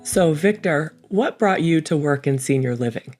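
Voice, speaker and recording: A man's voice: a little high, expressive, moderate pace, darkish tone, soft background music. A man hosting a podcast interview, asking questions and affirming his guest. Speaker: podcast host.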